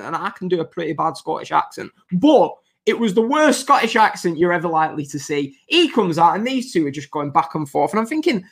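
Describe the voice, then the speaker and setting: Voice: mid-range voice, a bit bright. A podcast host, giving casual, opinionated commentary that rambles and restarts mid-sentence in an exasperated way.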